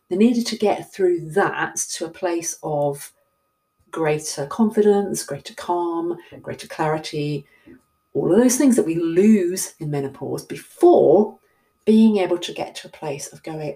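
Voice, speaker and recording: A woman's voice: on the low side, unhurried, mellow. Chatty middle-aged southern English woman. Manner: chatty, rambling, self-deprecating. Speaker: coach. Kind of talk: casual talk to camera.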